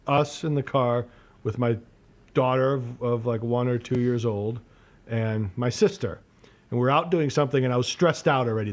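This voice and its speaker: Guy in his 40s telling a story on a podcast, lots of swearing, keeps restarting his sentences, middle-pitched voice. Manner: profane, animated storyteller with self-interruptions. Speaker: podcast co-host. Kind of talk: casual storytelling among friends.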